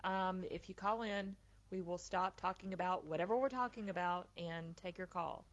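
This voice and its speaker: A woman's voice: lowish voice, normal speed. A woman hosting a call-in psychic radio show, chatting casually with many ums. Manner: chatty, with fillers like um and uh. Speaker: psychic medium and radio host. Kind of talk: casual talk radio chat. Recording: dull, lo-fi line.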